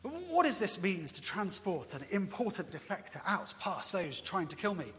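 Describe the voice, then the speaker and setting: A man voicing a pompous male defected spy who is used to respect, talking high and loud in a long church reverb. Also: sing-song, moderate pace. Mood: indignant. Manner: demanding, higher and louder than his preaching.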